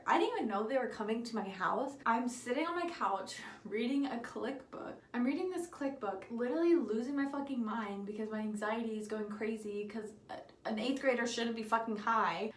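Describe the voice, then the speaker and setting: A woman's voice: on the high side, roomy sound. A young woman casually telling a story while doing her makeup, candid and giggly, swearing freely. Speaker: beauty vlogger.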